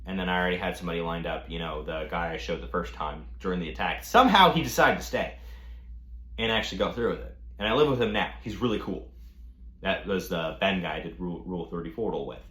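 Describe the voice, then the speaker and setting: A young man telling a storytime rant with animated, profane delivery. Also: sits low, quick pace. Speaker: vlogger. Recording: echoey room.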